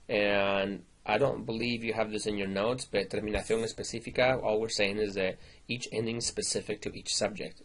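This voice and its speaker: A man teaching Spanish verbs in a relaxed, informal recorded slide lesson. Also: on the low side, husky. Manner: relaxed, informal explaining with fillers.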